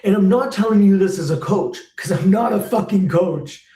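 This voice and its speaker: Host, man in his thirties, blunt and fired up, swears freely, slightly high voice, echoey room. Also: normal speed, warm tone. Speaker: host and former technician. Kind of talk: live Q&A rant.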